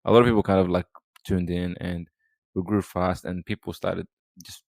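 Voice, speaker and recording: A podcast guest, talking casually and rambling with lots of fillers and restarts. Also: male voice, low voice, level tone, moderate pace, creaky, a little mellow, dry recording. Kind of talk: casual chat.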